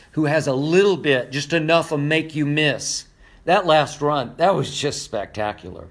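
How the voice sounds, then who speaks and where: Older male sports pundit, hoarse and fired-up, slightly high voice, hammering his points home with repetition. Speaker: sports debate commentator. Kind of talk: impassioned sports commentary.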